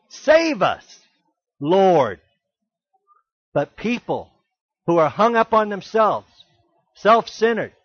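High-voiced, emphatic male preacher. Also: no room sound, highs cut off. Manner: emphatic preaching, with rhetorical questions and sudden loud exclamations. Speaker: pastor. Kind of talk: sermon.

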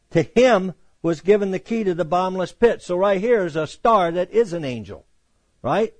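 A man's voice: high-pitched, a little mellow, dry recording. A man teaching verse by verse through the Bible, reading scripture aloud and then explaining it in a conversational way with joking asides.

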